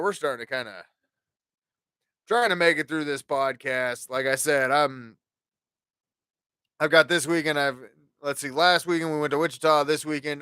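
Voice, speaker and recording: A man's voice: on the high side, a bit bright, clean tone, dry recording. A man in his forties hosting a podcast, telling stories in a casual, profane, ranting way. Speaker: podcast host.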